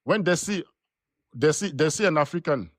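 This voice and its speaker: A man's voice: on the high side, animated, normal speed, no echo, clean studio sound. A man on a live online panel, talking in long rambling runs with many restarts and repeated words. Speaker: panel guest.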